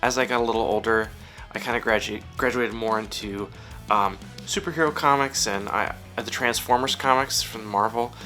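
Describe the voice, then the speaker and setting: A man in his thirties talks about his work in a loose, rambling, self-deprecating way, full of fillers. His voice sits low yet sounds bright and forward. Faint guitar music plays behind him. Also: normal speed. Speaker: comic book writer and artist. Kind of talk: casual interview answers. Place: his home studio.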